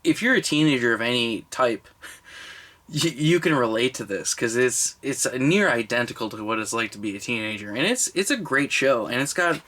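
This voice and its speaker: A man in his twenties chatting casually on camera about his movie collection, a little drunk and slurring, rambling and swearing with excitable bursts. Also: mid-range voice, normal speed. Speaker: collection vlogger. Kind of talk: casual unscripted video review.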